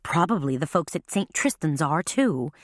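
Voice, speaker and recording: A woman's voice: deep voice, expressive, moderate pace, dry recording, studio quality. A woman voicing a wisecracking best friend. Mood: teasing.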